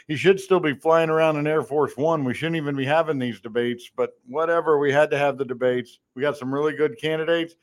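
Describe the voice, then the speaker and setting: Male host, high voice, sarcastic ranting, live talk show. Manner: animated, sarcastic ranting with mocking impressions. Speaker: podcast host.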